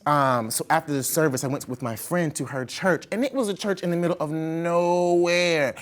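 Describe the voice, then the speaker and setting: A young woman host, telling a story in an animated, laughing way. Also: low-pitched, moderate pace. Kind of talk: casual interview chat.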